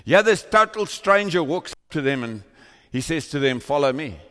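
A man's voice: on the high side, lively intonation, moderate pace, a bit bright, big-room sound. A man preaching a sermon to a congregation, praying and storytelling with fervent, rising intensity. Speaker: pastor. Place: church hall with congregation. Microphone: microphone on a stand.

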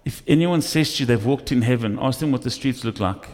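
A male pastor preaching a sermon, telling stories with lively acted asides in a church. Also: mid-range voice, brisk. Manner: animated storytelling with acted asides. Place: church hall. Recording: echoey church hall.

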